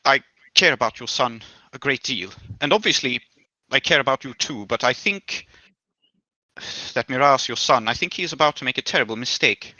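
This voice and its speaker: Guy doing a smooth scheming gent in a tabletop rp, super polite and formal, bright edgy voice. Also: mid-range voice, animated, normal speed, no room sound, highs cut off. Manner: courteous, formal, hesitant restarts. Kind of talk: tabletop role-play.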